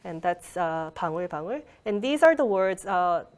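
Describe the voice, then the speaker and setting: A woman's voice: lowish voice, lively intonation, fast talker, clear, resonant tone. Female language lecturer, online workshop, patient explainer, talks through a video call. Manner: explains patiently, frequent fillers and restarts.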